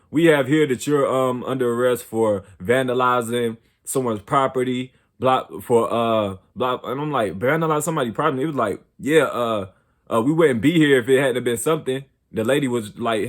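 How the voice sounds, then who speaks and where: A young man telling a story from his own life in casual, profane slang, often asking "you know what I'm saying". When he replays heated arguments his voice jumps higher and louder. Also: a little fast. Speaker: storyteller host.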